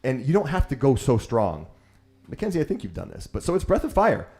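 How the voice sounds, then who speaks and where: A man teaching yoga guides his class through breathwork with an easygoing, joking manner. His pitch sits in a middle range but moves animatedly up and down as he encourages the group. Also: sing-song, fairly quick, darkish tone, faint music behind.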